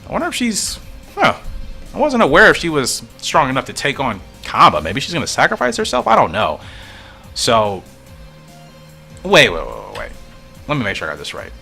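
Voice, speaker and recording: A man's voice: mid-range voice, wildly swooping pitch, moderate pace, vocal fry, long pauses, bright, forceful tone, soft background music. Musing man thinking aloud over a comic. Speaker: comic reader and commentator. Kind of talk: casual comic read-through commentary.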